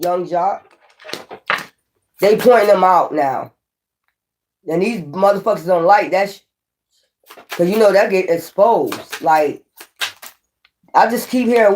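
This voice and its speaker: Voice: medium pitch, measured pace. Tarot reader, casual rambling delivery, heavy profanity, emphatic repetition. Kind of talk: casual tarot reading to camera.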